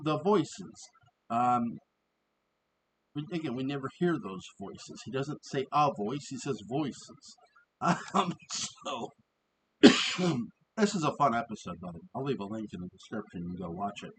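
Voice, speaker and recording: A man giving a casual, rambling review of an old TV episode. He often restarts, fills pauses and laughs as he talks. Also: on the high side, fairly bright tone, a little hiss or hum, rough recording.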